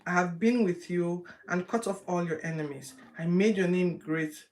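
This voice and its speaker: Lady doing a deep-voiced solemn god guy, slow and grand. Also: fairly even intonation, darkish tone, lightly acted.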